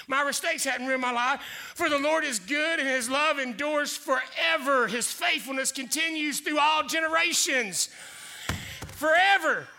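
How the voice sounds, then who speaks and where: A male pastor preaching a sermon, building to loud shouted declarations and growing out of breath. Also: very high-pitched, measured pace, vocal fry. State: getting out of breath.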